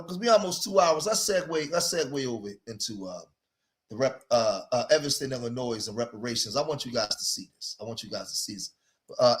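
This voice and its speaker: A man hosting a livestream, commenting in an emphatic, preachy way and repeating himself to his viewers. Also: medium pitch. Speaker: livestream host.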